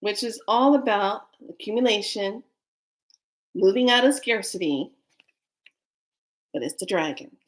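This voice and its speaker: A woman chatting excitedly as she gives a spiritual card reading, often repeating words for emphasis. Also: medium pitch. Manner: animated and excitable, breaking into whispers and laughs.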